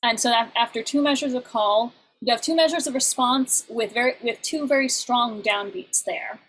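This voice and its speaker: A woman's voice: on the high side, normal speed, fairly bright tone, a little hiss or hum, poor audio. A young adult woman teaching an online songwriting class in a chatty way, with many fillers and restarts.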